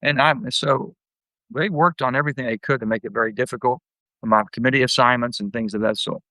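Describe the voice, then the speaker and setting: An older man, a guest telling blunt, folksy stories and acting out his anecdotes with lively jumps in pitch. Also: fast talker, no echo, rough recording. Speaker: guest, former senator. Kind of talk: candid storytelling interview.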